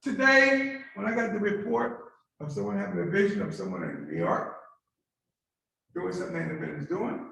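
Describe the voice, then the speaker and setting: A man's voice: high voice, sing-song, moderate pace, creaky, bright, forceful tone. A male pastor preaching a call-and-response sermon, coaxing the congregation to repeat his words after him. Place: church sanctuary. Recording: very echoey church hall from far off.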